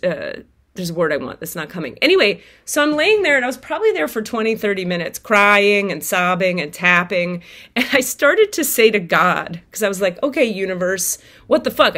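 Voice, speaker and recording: A woman telling viewers a personal story in a casual, animated way, swearing freely and acting out her own outbursts. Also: on the low side. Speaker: tarot reader and spiritual vlogger.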